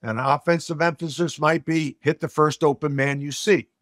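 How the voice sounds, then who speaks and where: A middle-aged coach speaking emphatically, often repeating a word as he launches into a point. His voice sits a bit high for a man. The recording is dry and close, with no room sound. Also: fairly even intonation, normal speed, fairly bright tone, no room sound. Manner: emphatic, repeats words when starting a thought. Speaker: coach and corporate speaker, podcast guest. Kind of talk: conversational interview storytelling.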